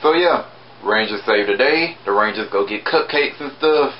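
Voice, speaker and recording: A man casually reviewing a TV episode, chatty with sarcastic asides and sudden jumps in pitch. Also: expressive, moderate pace, lo-fi sound, slight background noise.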